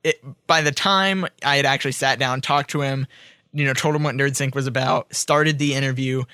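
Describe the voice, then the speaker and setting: On a casual podcast, a male co-host eagerly recounts his experiences and laughs often. His voice is medium-pitched, clear and resonant at a moderate pace, recorded at studio quality with no room sound.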